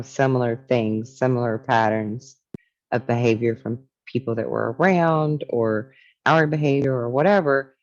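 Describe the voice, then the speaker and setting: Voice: medium pitch, a little mellow, highs cut off. A spiritual teacher talking casually and reflectively, reading from a book and musing on its ideas.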